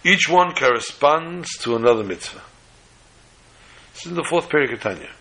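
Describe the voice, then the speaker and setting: A man teaching a sermon on the weekly Torah portion in a measured, halting way, often restarting phrases. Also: on the high side, expressive, bright, forceful tone, low-quality recording.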